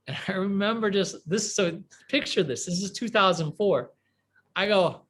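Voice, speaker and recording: A man in his forties from a small Midwestern town, telling a rambling, animated story as an interview guest, full of fillers and restarts. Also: high-pitched, measured pace. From US Midwest, small town near Chicago. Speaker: guest entrepreneur.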